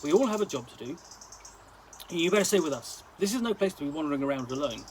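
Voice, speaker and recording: A man voicing a shrewd woman adventurer who speaks calmly and firmly. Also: on the high side, quick pace, slight background noise, close to an everyday voice.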